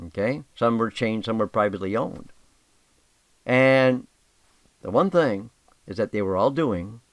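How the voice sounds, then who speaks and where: A man's voice: fairly low pitch, fairly bright tone, no echo. An older man, talking casually and emphatically as host, reading aloud with asides. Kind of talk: casual monologue.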